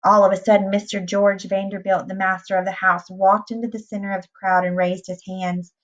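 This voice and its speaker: A woman reading a novel aloud in a plain, unhurried way, with small restarts. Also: medium pitch, level tone. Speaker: reader. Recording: dull lo-fi recording.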